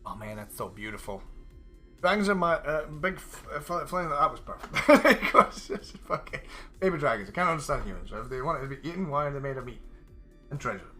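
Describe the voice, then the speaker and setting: A man's voice: mid-range voice, expressive, brisk, bright, forceful tone, faint music behind. A man live-streaming a game, chatting casually with viewers, swearing a lot and going off on rambling rants. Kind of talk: casual live-stream chat while gaming.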